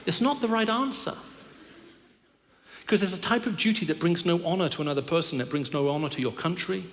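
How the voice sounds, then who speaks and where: A middle-aged man delivers a sermon as a visiting preacher, pitched a little higher than most men. He weaves stories and dry self-deprecating jokes into his point. His voice rings out through a large church hall with a long reverb tail. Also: fairly quick. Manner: storytelling with humor and self-deprecating asides. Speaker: guest preacher.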